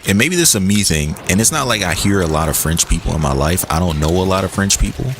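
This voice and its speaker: Young guy streaming, real low voice but jumps all over, joking with chat, bit of hum behind. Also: fast talker. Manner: animated, joking, reads and answers chat. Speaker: gaming streamer. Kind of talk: casual stream chat while playing.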